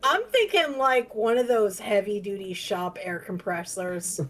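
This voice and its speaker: A woman's voice: mid-range voice, a little slow, low-quality recording. A woman chatting casually as a player in a tabletop game, laughing often.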